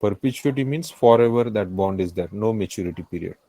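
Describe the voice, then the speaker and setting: A man's voice: on the low side, fairly quick, mellow, poor audio. A man with an Indian English accent teaching a finance class, repeating key phrases and often checking that the students follow. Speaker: finance tutor. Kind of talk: live classroom lecture.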